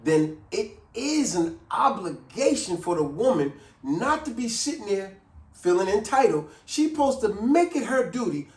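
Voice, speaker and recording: A man hosting a casual advice talk, lively, who acts out quoted people in a raised voice. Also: sits high, measured pace, recorded from a distance. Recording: roomy sound from off the mic.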